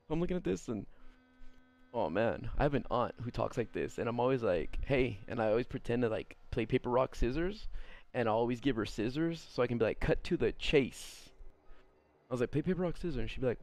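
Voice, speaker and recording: Streamer guy, mid-pitch, rambling and exasperated, cussing through a rant. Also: gravelly, a little mellow. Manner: exasperated, rambling, swears, laughs at what he reads. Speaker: streamer reading viewer stories. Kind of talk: casual live-stream commentary.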